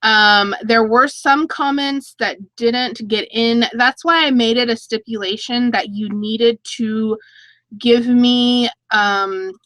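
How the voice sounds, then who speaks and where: A chatty woman in her thirties hosts a casual live stream, reading viewer comments aloud and laughing as she talks. Her voice is bright and clear, sitting slightly high, and the sound is close and dry with no room echo. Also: takes it slowly. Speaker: YouTube channel host.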